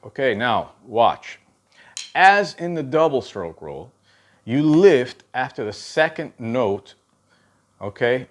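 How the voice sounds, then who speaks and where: A middle-aged man teaching drum technique in a relaxed, conversational way, often checking in with a quick "okay?" while counting out patterns. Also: medium pitch, noisy background. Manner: casual, checks in with frequent "okay?" asides. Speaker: drum instructor. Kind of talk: spoken drum lesson with demonstrations.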